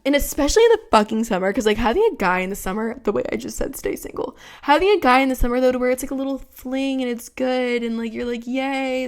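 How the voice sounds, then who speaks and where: A young woman in her twenties hosts a podcast in loose, casual chat. She rambles, swears freely and leans on fillers as she goes, with a voice of ordinary female pitch. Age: 20s. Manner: frank, profane, rambling with many fillers. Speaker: podcast host.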